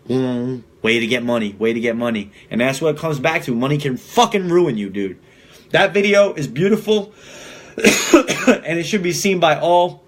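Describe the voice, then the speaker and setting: A young man hosting a podcast, talking in a blunt, profane, rambling way with many restarts. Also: on the high side. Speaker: podcast host. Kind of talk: casual monologue.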